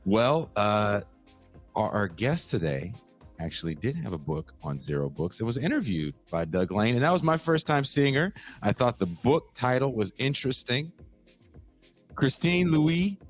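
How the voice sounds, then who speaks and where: A man's voice: medium pitch, very animated, moderate pace, soft background music. A man hosting a podcast, joking around and introducing a guest in casual chat. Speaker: podcast host.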